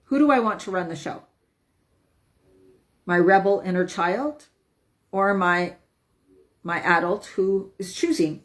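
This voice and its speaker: A woman health coach talking casually to viewers on a live stream, emphatic and upbeat, often asking "right?". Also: on the low side.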